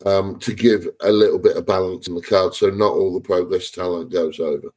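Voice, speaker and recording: Male co-host, deep-ish voice, frank and rambling opinion talk. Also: fairly even intonation, fairly quick, a little mellow, low-quality recording. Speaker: podcast co-host. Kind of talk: casual wrestling podcast chat.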